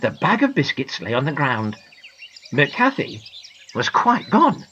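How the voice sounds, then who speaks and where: Slow, very expressive woman storyteller. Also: rumbling low, lo-fi sound, slight background noise. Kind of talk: storybook narration.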